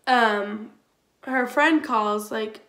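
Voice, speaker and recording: A young woman with a slightly high, fairly bright voice speaks extremely slowly in a storytime vlog. The YouTuber is chatty and fills her speech with "like," and the recording has a roomy echo.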